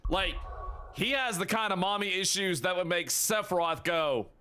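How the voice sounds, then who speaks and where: A man's voice: high voice, moderate pace, pushed and bright, clean tone. A man giving loose let's-play commentary, laughing often and trash-talking a game boss in crude slang. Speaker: gaming YouTuber.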